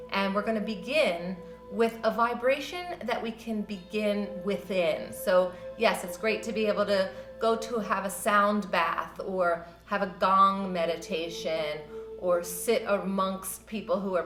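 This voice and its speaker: A woman teaching a yoga class, guiding breathing and stretches in a gentle, encouraging, loosely conversational way. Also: fairly low pitch. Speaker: yoga instructor. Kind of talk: guided yoga class instruction. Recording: roomy with soft music behind.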